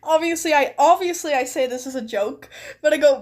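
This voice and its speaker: A woman's voice: high voice, brisk. A young woman streaming live in casual chat, reading a chat log aloud and laughing often as she talks. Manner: giggly, laughs often mid-sentence.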